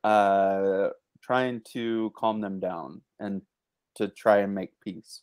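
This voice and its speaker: A man's voice: lowish voice, steady tone, slow pace, a little mellow, smooth, no room sound. A man playing in a tabletop game, talking casually and a little hesitantly. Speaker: player.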